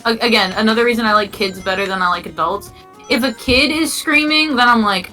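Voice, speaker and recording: A woman's voice: on the high side, a little fast, sharp tone, soft background music, low-quality recording. A woman in a casual gaming chat, talking bluntly and swearing often. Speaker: co-host.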